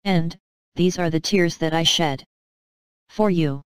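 A gentle, tender heavenly father speaks with deep love in a calm, smooth voice, as a woman reads him in her own lowish tone. The lines come softly and without hurry, in a close, dry audiobook sound. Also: slow pace, no echo. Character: tender fatherly God, male, gentle and loving.

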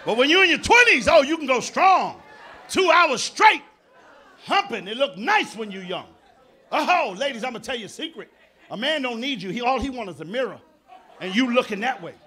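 Brash high-voiced stand-up comedian. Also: male voice, lively intonation, moderate pace, breathy edge. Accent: New York. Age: middle-aged. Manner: loud, brash, swinging from mutters to shouts. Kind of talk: live stand-up set. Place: live theater stage.

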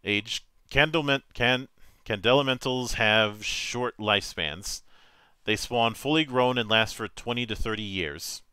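Man, game master, reading tabletop rules aloud, crisp smooth voice, dry close sound, matter-of-fact. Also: mid-range voice, bright, forceful tone, no echo. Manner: measured, matter-of-fact reading with small stumbles.

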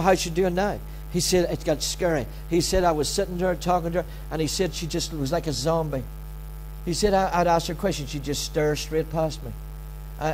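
A man's voice: high-pitched, slight background noise. A middle-aged man preaching a sermon as pastor, talking conversationally, often repeating words and acting out prayers and quotes.

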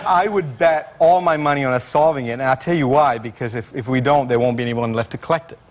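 A man's voice: medium pitch, fast talker, slight background noise. A male scientist guest on a late-night talk show, telling stories with lots of fillers and restarts. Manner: animated storyteller, fillers and restarts.

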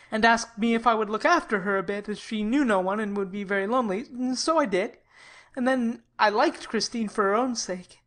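A woman reading the lines of a frank, tender young man in love, at a quick, heartfelt pace. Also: medium pitch, natural voice. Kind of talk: audiobook character reading.

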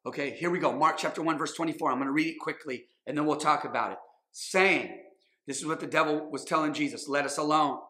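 In an echoey church hall, a pastor in his thirties preaches a sermon with a fairly high, sharp voice and a fast pace. He is emphatic, repeats phrases, and often acts out quotes.

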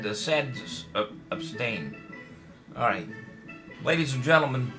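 A chatty man hosts a home trivia stream with an easygoing, middle-pitched voice. He rambles between questions with groan-worthy puns and calls out viewers' names. Clear music plays under his talk. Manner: jokey, chatty, reads out viewer names and answers. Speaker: trivia show host. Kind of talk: casual live-stream trivia hosting.

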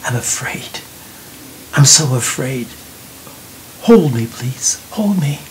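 A man's voice: mid-range voice, expressive, takes it slowly, slight background noise, poor audio. A man voicing a terrified young man pleading.

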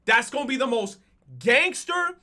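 A young man giving anime reaction commentary, excitable and swearing, with emotional outbursts. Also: very high-pitched, moderate pace. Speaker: reaction streamer.

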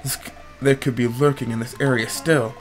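A man's voice: mid-range voice, steady tone, fairly quick, lightly acted. A man voicing a worried old village elder in a video game, speaking in a hesitant, uneasy way.

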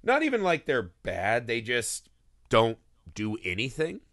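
A man's voice: mid-range voice, unhurried, no echo, studio quality. A man co-hosting a film podcast, chatting casually and profanely about a movie. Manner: animated, profane, acts out movie lines. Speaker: podcast co-host. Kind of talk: casual film review chat.

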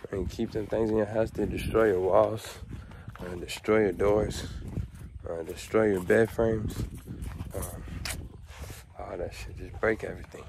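A laid-back man with a lowish voice talks casually outdoors on his rural property, slangy and swearing now and then. He shouts sharp, loud calls to his dog. Faint outdoor noise sits behind him. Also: fairly even intonation, unhurried, vocal fry, pauses often. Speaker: vlogger on his animal property.

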